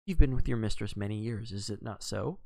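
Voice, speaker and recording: A man reading aloud, voicing a fussy, precise elderly male detective who talks in a brisk, exacting way with French phrases. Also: on the low side, expressive, vocal fry, dark tone, dry recording. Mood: coaxing.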